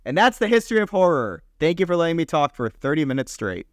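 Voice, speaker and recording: In a fairly high, very animated voice, a young man co-hosting a podcast runs eagerly through the history of film year by year. He's enthusiastic, rattling off years in quick bursts and swearing casually, captured in a dry, clean studio recording.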